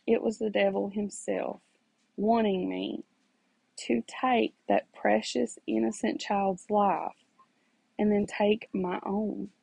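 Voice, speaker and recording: Slow, husky, creaky-voiced woman testifying. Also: medium pitch, little pitch movement, warm tone, dry recording, low-quality recording. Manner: earnest, repeats phrases for emphasis; preachy, addresses listeners directly. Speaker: mother sharing her story. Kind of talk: personal testimony, faith encouragement.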